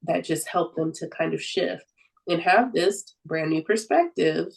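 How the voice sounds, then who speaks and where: Earnest low-voiced woman, podcast guest. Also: measured pace, creaky, low-quality recording. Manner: reflective and earnest, with frequent "like" fillers and easy laughter. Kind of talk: casual conversational podcast talk.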